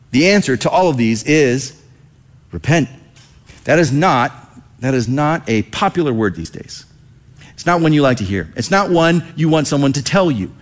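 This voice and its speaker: Animated male preacher, lively pitch. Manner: animated, acts out quoted voices. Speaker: pastor. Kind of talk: sermon.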